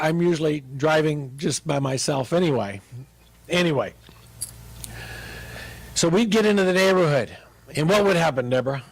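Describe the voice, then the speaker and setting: A middle-aged male pastor telling a humorous personal story in a relaxed, conversational sermon. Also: a little high, gravelly, no room sound.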